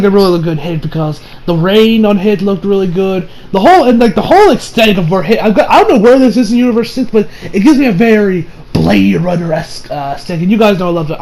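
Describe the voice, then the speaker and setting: High-voiced man rambling through a casual review. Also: darkish tone. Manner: rambling, filler-heavy slang talk. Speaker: anime reviewer. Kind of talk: casual episode review vlog.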